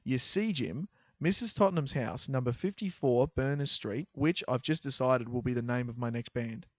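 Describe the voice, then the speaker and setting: A man co-hosting a podcast, telling a story in a casual, animated, jokey way and laughing often. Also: mid-range voice, normal speed, dry recording, lo-fi sound. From half English. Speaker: podcast co-host.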